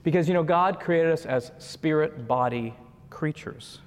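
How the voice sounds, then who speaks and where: A man's voice: a little high, a little slow. Man preaching in an echoing hall. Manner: conversational, with frequent asides and chuckles. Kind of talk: sermon. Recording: long reverb of a large hall.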